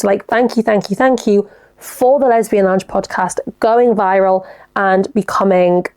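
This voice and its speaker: A young woman hosting a casual solo podcast, reading listener messages and reacting with quick chatty asides. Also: mid-range voice, creaky, a little mellow. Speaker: podcast host.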